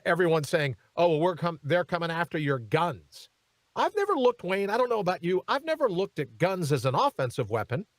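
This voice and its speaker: Lively high-voiced male radio host. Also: no echo. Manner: animated and emphatic, talks to his co-host. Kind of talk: talk radio commentary. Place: radio studio.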